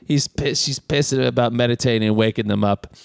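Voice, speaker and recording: A man's voice: medium pitch, brisk, creaky, clear, resonant tone, dry recording. A man co-hosting a casual film podcast, retelling scenes with frequent laughter. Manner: animated, laughs often while retelling scenes. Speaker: podcast co-host.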